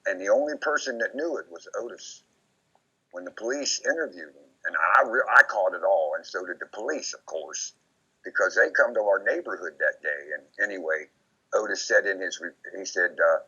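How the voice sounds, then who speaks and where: A man being interviewed, rambling and repeating himself as he recounts memories, often quoting others in lively put-on voices. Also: low voice, normal speed, breathy edge. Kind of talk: casual recorded conversation. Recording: dull lo-fi recording.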